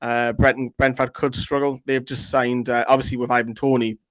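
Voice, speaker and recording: A man's voice: medium pitch, little pitch movement, a bit bright, no echo, low-quality recording. A man co-hosting a fan channel, reading viewer comments in rambling casual chat. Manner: chatty, rambling, quick to joke.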